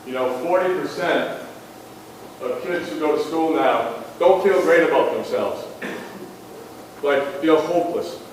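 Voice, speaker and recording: A man's voice: fairly high pitch, slight background noise. A man giving an earnest motivational talk to parents, telling stories and checking in with "okay?". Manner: earnest, storytelling, frequent "okay?" check-ins. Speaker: school athletics speaker. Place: school auditorium. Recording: echoey hall from far off.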